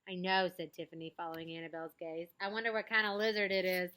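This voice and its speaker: Brief: woman storybook reader, lively read-aloud, crisp bright tone. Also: fairly low pitch, fast. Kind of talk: children's book read-aloud with picture commentary.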